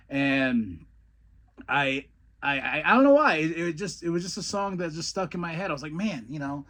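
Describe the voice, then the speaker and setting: A former wrestler hosting a podcast speaks in a high-leaning, fairly bright voice with big pitch swings at a moderate pace. He rambles through old wrestling stories, repeating words and laughing often, before recapping a wrestling show.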